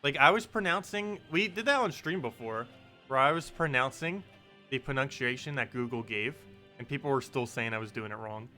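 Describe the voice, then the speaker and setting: A man's voice: mid-range voice, normal speed, sharp tone, faint music behind. A man casually chatting with his live-stream chat, laid-back and joking about how he says words. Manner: laid-back, chatty, answers chat, laughs at own pronunciation.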